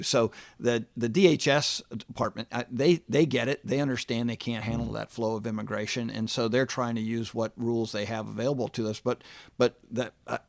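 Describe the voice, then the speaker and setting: A man giving political analysis in a measured, halting way. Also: lowish voice, dry recording. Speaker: political commentator.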